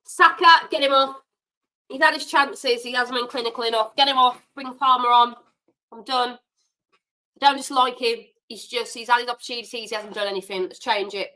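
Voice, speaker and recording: A woman hosting a live football watchalong, reacting loudly and getting exasperated with the players. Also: fairly high pitch, moderate pace, rough recording. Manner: animated, exasperated, shouts at players. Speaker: watchalong host.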